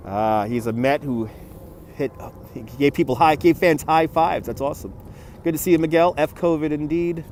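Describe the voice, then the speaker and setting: A man's voice: fairly high pitch, moderate pace, darkish tone, a little hiss or hum. Chatty man livestreaming outdoors on a phone. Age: 40s. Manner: chatty, greets viewers by name, trails off and restarts. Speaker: livestream walking-tour host. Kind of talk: casual livestream chat reading viewer comments. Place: outdoors by a city harbor. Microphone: phone on handheld gimbal.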